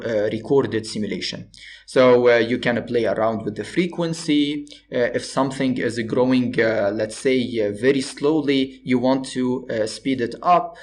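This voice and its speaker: A man teaching a screen-recorded software tutorial, explaining step by step with frequent filler sounds. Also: medium pitch. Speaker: robotics instructor.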